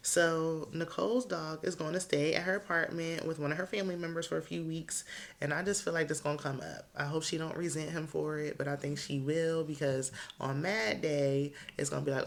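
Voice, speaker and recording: Woman, thirties, casual reality show recap, blunt and opinionated, gravelly fry. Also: sits low, fairly even intonation, brisk. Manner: chatty, candid, blunt.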